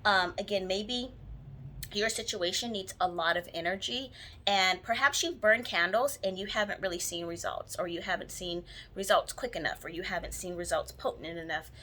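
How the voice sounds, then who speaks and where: A woman's voice: mid-range voice, normal speed, pushed and bright, a little hiss or hum. A woman giving a casual how-to talk to camera about spells, chatty and rambling, with many ums and restarts. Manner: enthusiastic about her own work. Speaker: spiritual practitioner teaching jar spells.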